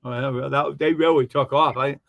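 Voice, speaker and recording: A man's voice: mid-range voice, fairly even intonation, a little fast, vocal fry, fairly bright tone, dry recording. A man rambling through funny stories in casual chat, acting out the other people's lines as he tells them. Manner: rambling joke-telling, acts out quoted voices. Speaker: live stream host.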